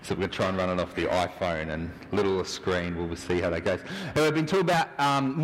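Man preaching in a reverberant hall. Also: medium pitch. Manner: relaxed, rambling, chatty. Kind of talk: casual sermon with jokes. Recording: hall reverb with a mic hum.

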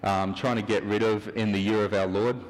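A man giving a relaxed, rambling sermon, chatty and joking with his listeners. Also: fairly low pitch, a little fast. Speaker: preacher. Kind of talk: casual sermon with jokes. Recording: hall reverb with a mic hum.

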